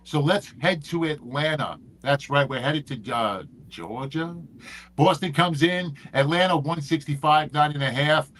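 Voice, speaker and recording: A man's voice: fairly high pitch, measured pace, fairly bright tone, rough recording. A man hosting a sports betting picks show, talking in a casual, profane, hyped-up way.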